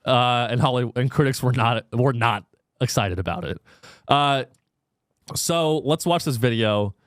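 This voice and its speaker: A man's voice: mid-range voice, a little slow, a bit bright. A man with a mid-range voice hosts a casual comedy podcast, riffing in a sarcastic, irreverent way and swearing freely. The sound is dry and close, with no room echo. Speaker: podcast host.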